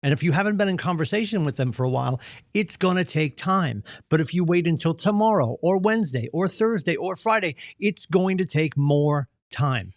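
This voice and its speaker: Man, motivational morning talk, gravelly, slightly high voice, dry close sound, punchy delivery. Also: expressive, moderate pace, no room sound. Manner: earnest, punchy, acts out quoted voices. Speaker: real estate team leader.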